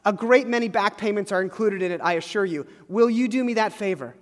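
A man's voice: high voice, fairly quick, voice pushed up, lightly acted. A man reading the lines of a joyful, newly generous old miser in an eager, courtly manner. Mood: effusive. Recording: reverberant hall.

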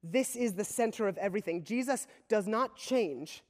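A male pastor preaching a sermon, retelling a scripture vision with earnest storytelling and big swings between loud and hushed delivery. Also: high voice, animated, normal speed. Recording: long reverb of a large hall.

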